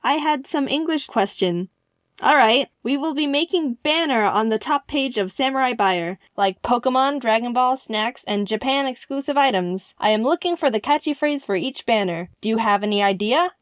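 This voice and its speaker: A woman quoting a friendly male online shop owner who speaks polite, halting English. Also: on the high side, animated, no room sound, studio quality, lightly acted. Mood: eager. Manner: polite, stiff non-native phrasing.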